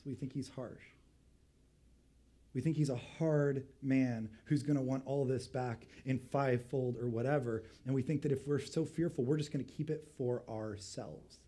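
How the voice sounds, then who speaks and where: A middle-aged male pastor preaching a sermon, telling stories and acting out the voices he quotes. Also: a little high. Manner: storytelling, acts out quoted voices, animated.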